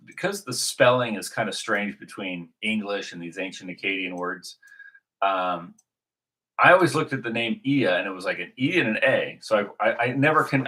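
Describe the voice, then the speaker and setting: A man talks through a loose religious monologue with a bright, forceful tone and a lowish voice. He rambles, restarts his sentences and fills pauses with ums and uhs. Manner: rambling, many restarts and fillers. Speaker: video host.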